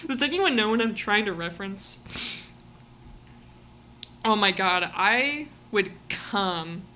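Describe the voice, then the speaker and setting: A woman's voice: mid-range voice, lively intonation, slow pace, long pauses, sharp tone, slight background noise. A young woman streamer chatting casually and rambling, giggling often, with lots of fillers and a slightly sore voice. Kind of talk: casual live-stream chat.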